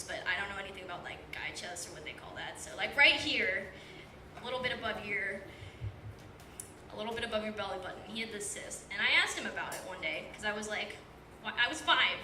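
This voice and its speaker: An eighteen-year-old woman with a medium-pitched voice, talking a little fast, tells a rambling, self-deprecating story at a stand-up open mic packed with filler words. The recording comes from a distance in a small, echoey comedy club with a live audience and background noise.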